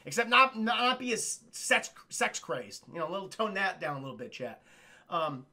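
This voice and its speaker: Streamer guy talking to chat about a movie, high-ish voice, gravelly, swears a lot. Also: expressive, moderate pace, bright, forceful tone. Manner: swears freely and keeps addressing chat. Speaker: streamer and film reviewer. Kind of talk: casual livestream film recap to chat.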